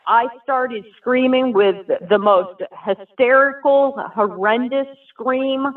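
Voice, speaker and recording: A woman's voice: on the high side, takes it slowly. A woman giving an emotional personal testimony, telling her story earnestly and vividly. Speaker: guest sharing a personal testimony. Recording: tinny phone-like sound from far off.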